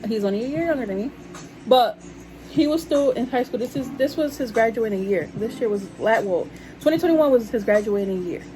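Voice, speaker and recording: A woman's voice: on the high side, lively intonation, brisk, a little hiss or hum, rough recording. A young woman chatting casually to her viewers about her life, calling them y'all. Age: young adult. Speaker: vlogger telling a story. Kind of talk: casual storytime chat.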